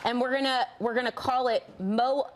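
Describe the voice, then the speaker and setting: A woman's voice: fairly high pitch, fairly even intonation, moderate pace, background noise. A woman hosting a morning show, chatting enthusiastically with a guest. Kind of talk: talk show interview. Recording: live TV studio with audience.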